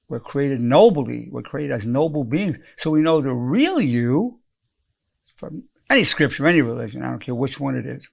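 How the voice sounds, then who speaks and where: Gravelly older man teaching. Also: mid-range voice, lively intonation, moderate pace. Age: 80s. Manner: earnest, repeats lines for emphasis, acts out quoted phrases. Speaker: psychologist teaching a lesson. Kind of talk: spoken self-help lesson.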